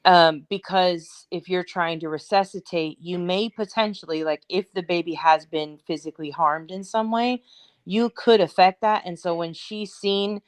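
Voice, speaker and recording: Female panelist, slightly low voice, dry sound, talks things through earnestly. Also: steady tone, moderate pace, no echo. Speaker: panel guest. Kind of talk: casual panel discussion.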